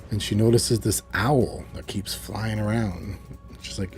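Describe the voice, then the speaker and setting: Man, low voice, mellow tone, casual episode recap, chatty asides, faint background music. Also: unhurried. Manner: chatty, animated retelling with asides. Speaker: video reviewer.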